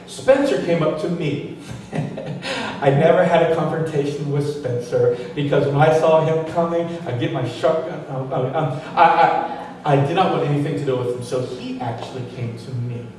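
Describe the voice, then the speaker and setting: Animated male pastor in an echoey hall. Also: a little high, moderate pace, a little hiss or hum. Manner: animated, humorous storyteller. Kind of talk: sermon storytelling. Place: church hall. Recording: echoey church hall, distant mic.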